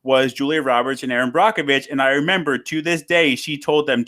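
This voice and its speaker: A man's voice: medium pitch, fairly quick, few pauses, a bit bright. A man hosting a podcast in casual chat, talking earnestly and jumping eagerly into the conversation. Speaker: podcast host.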